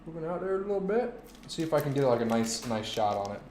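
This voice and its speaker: A man's voice: fairly high pitch, big pitch swings, fast talker. Young man, casual live-stream chat, laid-back and joking, swears a lot, faint hiss behind. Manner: loose, joking, swears freely, bursts into loud shouts. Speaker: crypto streamer answering chat questions.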